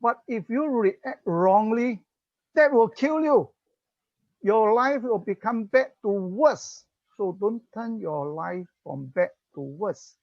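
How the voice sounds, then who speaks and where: Slow Singaporean English speaker on parenting. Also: medium pitch, animated, no room sound. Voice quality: slow explaining, mixes in Chinese phrases. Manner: acts out parent-child dialogue, chuckles often. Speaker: parenting talk guest speaker. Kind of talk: parenting talk. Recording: dull, muffled recording.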